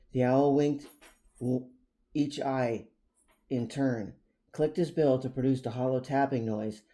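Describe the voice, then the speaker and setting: A man reads an animal story aloud at an unhurried, steady pace. His voice has a middling pitch and a mellow, darker tone. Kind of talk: storybook narration.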